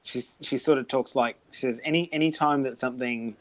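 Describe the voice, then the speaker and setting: A man co-hosting a casual book discussion, measured and helpful with words. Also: mid-range voice, steady tone, dry recording. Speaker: book club co-host.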